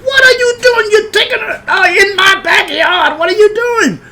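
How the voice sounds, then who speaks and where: A man voicing a high-strung society hostess who shrieks in shock and bosses people around. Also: fast talker, close to an everyday voice. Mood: shrieking. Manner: shrieking when upset, gushing and bossy otherwise.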